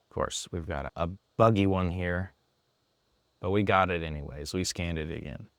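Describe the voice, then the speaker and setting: A man presenting an app in a product demo, talking excitedly and a bit sarcastically in an indoor room. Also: deep voice, moderate pace, no room sound.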